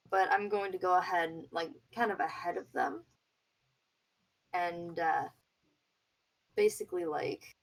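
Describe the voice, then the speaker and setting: A woman playing a tabletop game, describing her character's actions in an unhurried way with many fillers. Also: lowish voice, far from the mic. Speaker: player.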